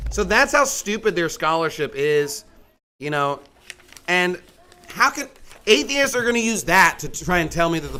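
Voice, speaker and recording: A middle-aged man preaching a sermon in a folksy, animated way, with mocking asides and a conversational tone. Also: sits high.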